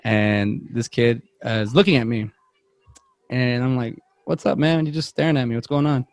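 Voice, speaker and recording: A man's voice: mid-range voice, moderate pace, no echo. Podcast guy rambling through a story, does all the voices, dry mic. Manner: rambling, animated, acts out quotes, self-interrupting. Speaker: podcast co-host. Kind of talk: casual storytelling chat.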